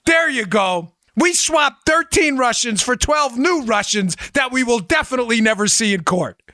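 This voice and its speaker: Animated sarcastic man host. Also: very high voice, moderate pace, no room sound. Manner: sarcastic, animated, mocking asides. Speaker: podcast host. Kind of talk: opinionated political commentary.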